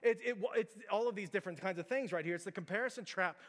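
Male pastor, bright high voice, casual sermon style, long church reverb. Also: quick pace. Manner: informal, filler-heavy storytelling with direct challenges. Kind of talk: conversational sermon. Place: church sanctuary.

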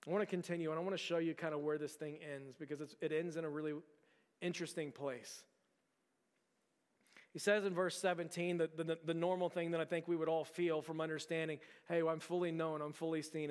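A man preaching a sermon, telling a story in an earnest way that often stumbles over repeated words. His voice is resonant and somewhat high for a man. It rings out with the long reverb of a large hall. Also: clean tone. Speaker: pastor.

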